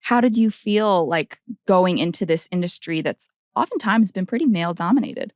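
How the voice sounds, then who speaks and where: A woman's voice: on the low side, expressive, moderate pace, a little mellow, no room sound, clean studio sound. A woman podcast host in a casual interview, chatty and encouraging.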